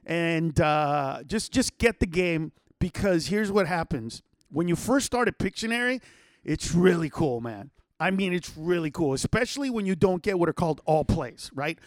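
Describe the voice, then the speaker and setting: A man with a notably high voice hosts a podcast from his home setup, and the sound is close and dry with no room around it. He tells stories in a loose, animated way, swearing freely and jumping into other people's voices to act out what they said. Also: normal speed, no echo. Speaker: podcast host. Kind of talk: casual storytelling to listeners.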